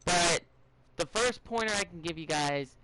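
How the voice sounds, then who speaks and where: A man's voice: a little high, lively intonation, a little slow, pushed and bright, poor audio. A young man hosting a casual podcast, rambling and giving advice with many fillers, restarts and stutters. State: a bit out of it, stuttering.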